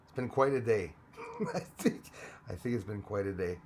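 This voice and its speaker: A man's voice: on the low side, fast, a little mellow, slight background noise. A man hosting a live stream, chatting casually and greeting viewers by name, rambling with frequent restarts. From Canada.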